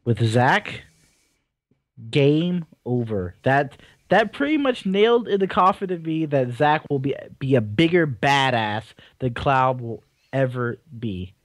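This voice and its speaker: A man's voice: medium pitch, very animated, slow pace, no echo, clean studio sound. A young adult man co-hosting a casual gaming podcast, jokey and enthusiastic, stretching words for emphasis. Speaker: podcast co-host.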